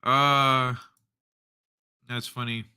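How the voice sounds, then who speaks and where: A man hosting a casual livestream, reading viewer comments aloud in an unhurried, joking way and chuckling often. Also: medium pitch, little pitch movement, pushed and bright, smooth. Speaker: livestream host.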